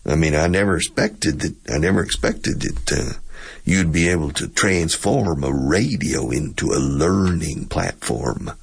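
A man's voice: a bass voice, expressive, unhurried, gravelly, husky, heavily acted. A man doing a folksy Texan drawl. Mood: folksy, impressed. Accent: Texas.

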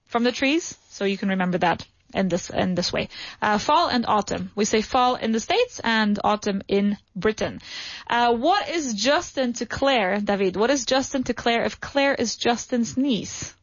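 A woman's voice: a little high, expressive, moderate pace, no room sound, highs cut off. Upbeat woman teaching English. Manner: upbeat, encouraging, corrects pronunciation. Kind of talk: classroom language lesson. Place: studio.

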